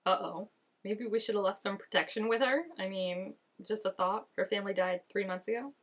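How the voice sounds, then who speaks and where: A woman's voice: medium pitch, steady tone, fairly quick. A young woman giving casual reaction commentary, chatty and full of "like", gasping and exclaiming as she watches. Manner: chatty, lots of "like", gasps and exclaims while watching. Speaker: reaction vlogger.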